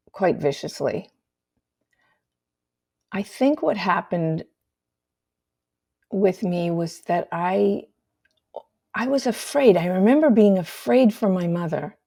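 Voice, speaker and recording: Gravelly, mellow older woman telling her story. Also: on the low side. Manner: candid, measured, drops to a soft hush on painful memories. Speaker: host sharing her story. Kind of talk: personal storytelling, reflective monologue.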